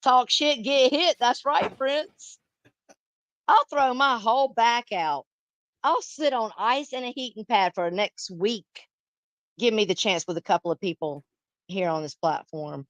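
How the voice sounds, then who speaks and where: A woman's voice: medium pitch, moderate pace, dry recording, rough recording. Middle-aged woman, stream host, blunt and cussing, dry close sound. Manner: blunt, profane, emphatic. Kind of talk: casual chat.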